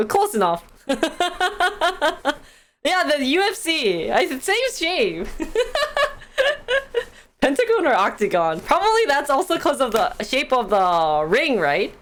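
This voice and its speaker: A woman's voice: high-pitched, sing-song, slow pace, fairly bright tone. A young woman hosting a live stream, chatting casually and giggling as she reads stock news and answers the chat.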